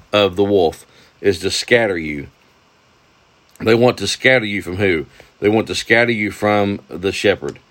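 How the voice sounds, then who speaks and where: A man's voice: on the low side, expressive, normal speed. A man teaching a devotional Bible lesson, folksy and enthusiastic, often asking rhetorical questions. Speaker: preacher.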